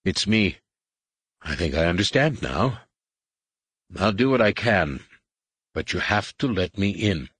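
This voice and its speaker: A man's voice: low-pitched, very animated, a little slow, long pauses, a bit bright, slightly rough, no room sound, heavily acted. A man voicing a young Jedi pleading with his dying wife, urgent and pleading. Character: anxious young male Jedi husband.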